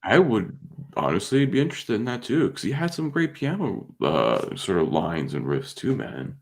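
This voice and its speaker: A man's voice: on the low side, sing-song, moderate pace. A man co-hosting a podcast in easygoing casual chat, laughing often. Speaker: podcast co-host.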